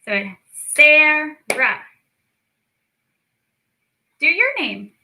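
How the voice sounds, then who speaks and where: A young woman teaching a children's lesson, slow and encouraging as she speaks to young kids. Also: a little high, animated, sharp tone, slight background noise, low-quality recording. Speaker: speech clinic storytime teacher.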